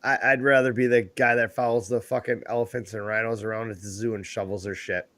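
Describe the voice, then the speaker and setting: A man's voice: on the low side, steady tone, fairly quick, pushed and bright, dry recording. A man co-hosting a podcast in casual chat, laid-back and telling crude jokes and stories. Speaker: podcast co-host.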